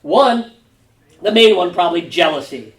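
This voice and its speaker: High-voiced pastor teaching Sunday school. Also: male voice, normal speed. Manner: conversational, animated retelling. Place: church classroom. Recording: roomy room, distant mic.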